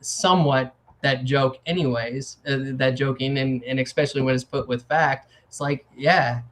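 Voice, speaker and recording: A man's voice: medium pitch, steady tone, moderate pace, fairly bright tone. A man hosting a casual talk show, rambling with many restarts and acting out little quotes. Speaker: podcast host. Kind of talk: casual chat.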